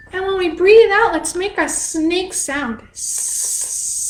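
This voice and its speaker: A woman with a very high, light voice leads small children through a class. She talks slowly and patiently in a sing-song way and explains each step simply. The sound is roomy, with her voice bouncing off the walls of a home space. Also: slight background noise. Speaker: children's dance teacher. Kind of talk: slow, gentle instruction for young children. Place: home room, livestreamed class. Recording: echoey room.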